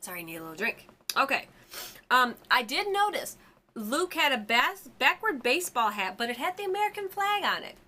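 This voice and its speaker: A woman's voice: sits high, sing-song, normal speed, bright, forceful tone. A woman in her forties hosting a fan channel, chatting casually and rambling about a TV episode with lots of ums and side stories. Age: 40s.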